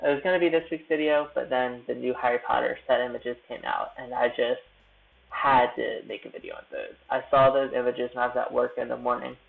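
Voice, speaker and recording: A man's voice: mid-range voice, fairly even intonation, a little fast, creaky. A young man chatting casually on his live stream from a hotel room, rambling and self-deprecating as he edits. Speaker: YouTube creator live-streaming. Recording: tinny phone-like audio.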